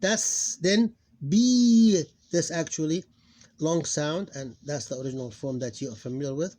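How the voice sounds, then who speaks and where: In a recorded lesson, an Arabic phonics teacher reads syllables out slowly and deliberately. His mid-range voice has a darkish tone, and he speaks in short, broken phrases with many restarts.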